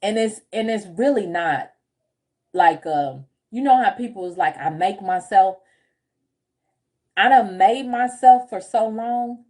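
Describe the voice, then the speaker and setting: A woman coach talks casually to her livestream viewers at an unhurried pace. Her voice is mellow and warm. She tells animated personal stories, laughs often, and reads out comments from the chat. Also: a little high. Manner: chatty, animated storytelling with frequent laughs. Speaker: group home business coach.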